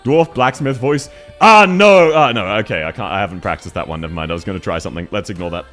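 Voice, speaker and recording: A man chatting casually on a livestream, excitable and quick to laugh, talking fast and loud when worked up. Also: deep voice, soft background music. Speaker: streamer.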